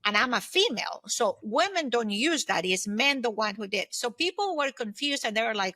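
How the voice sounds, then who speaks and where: Bright, dry-voiced woman in her fifties. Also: on the high side, expressive, moderate pace, few pauses, no room sound. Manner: earnest, reflective, talks in long anecdotes. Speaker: guest. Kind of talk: conversational interview storytelling.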